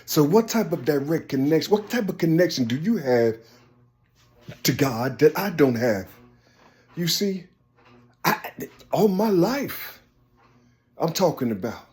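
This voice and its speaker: A man in a rambling personal monologue, halting and repetitive, often asking "you see?" and trailing off softly. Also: on the high side, animated. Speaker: speaker sharing personal visions.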